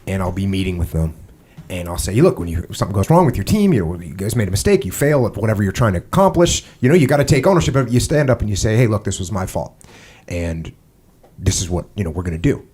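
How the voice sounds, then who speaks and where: Husky guy hosting a podcast, gets animated and emphatic telling stories. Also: on the low side, fast talker. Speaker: podcast host. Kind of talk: conversational podcast talk.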